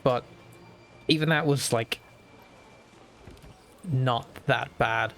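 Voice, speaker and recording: A man's voice: mid-range voice, very slow, a bit bright, faint music behind. A young Irish man streaming a strategy game, chatting casually and thinking aloud with lots of fillers. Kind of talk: casual gaming stream chat.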